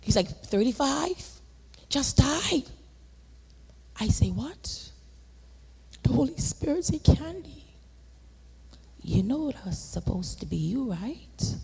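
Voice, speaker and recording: A Bahamian woman giving a fervent testimony during a church service, swinging between shouted declarations and hushed whispers in a preacherly cadence. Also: high voice, sing-song, takes it slowly, vocal fry, long pauses, husky. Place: large church sanctuary. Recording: church livestream with long hall reverb.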